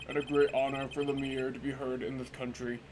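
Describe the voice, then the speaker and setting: A man voicing a grave male manager in a low, stilted formal tone while reading game dialogue. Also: flat delivery, background noise, natural voice. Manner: slow formal stilted diction.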